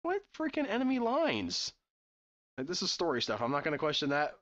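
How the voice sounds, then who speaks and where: A man reads a text adventure aloud in a lively, up-and-down voice, cutting in with dry, quizzical complaints. The sound is muffled and lo-fi, as from a cheap home setup. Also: on the high side, fairly quick. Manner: sarcastic, quizzical asides. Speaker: let's-play gamer. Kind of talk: reading game text aloud with commentary.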